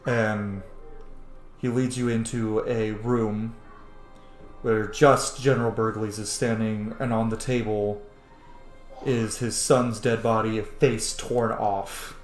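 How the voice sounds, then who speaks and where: A man's voice: fairly low pitch, level tone, slow, reverberant, soft background music. A man narrating as game master of a tabletop game, telling the scene in a loose, filler-heavy way.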